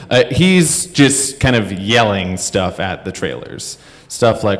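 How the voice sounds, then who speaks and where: Thirties male storyteller; low-ish, rambling and self-deprecating, reverberant live venue. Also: expressive, measured pace. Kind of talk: live comedic storytelling to an audience. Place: stage in front of a live audience. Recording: echoey hall.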